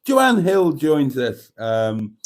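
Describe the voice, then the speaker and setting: A man's voice: fairly high pitch, very animated, extremely slow. A man hosting a live stream, chatting casually and reading viewer comments aloud.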